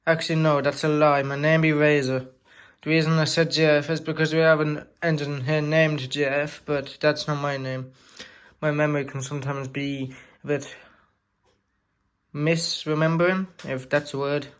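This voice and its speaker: A man plays a forgetful male steam engine with pirate talk and a rambling, self-correcting way of speaking. The voice is somewhat high and drops softer as he trails on, like a homemade storybook tale. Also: little pitch movement, normal speed, smooth, lightly acted.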